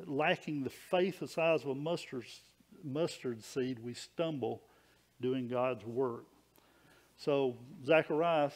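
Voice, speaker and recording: A man's voice: fairly high pitch, gravelly, a little mellow. A man preaching a sermon in a folksy, conversational way, with small stories and frequent restarts.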